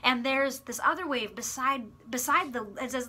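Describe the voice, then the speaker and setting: A woman preaching a sermon to a school community, animated and expressive, closing with a prayer. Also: high-pitched, normal speed, few pauses, breathy edge.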